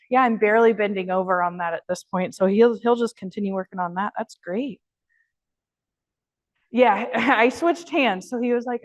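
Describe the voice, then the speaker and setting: A woman dog trainer leading an online class, explaining steps and praising her dog in a high, happy voice between instructions. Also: measured pace, long pauses.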